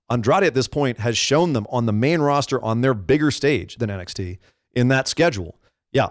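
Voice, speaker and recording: A man co-hosting a casual wrestling podcast, talking excitably and rambling with frequent restarts. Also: medium pitch, no echo, studio quality. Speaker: podcast co-host.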